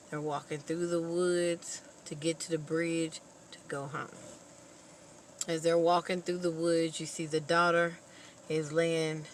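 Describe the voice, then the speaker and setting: A woman vlogger casually retelling a movie plot in an animated, expressive storytelling manner. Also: low-pitched, slight background noise, poor audio.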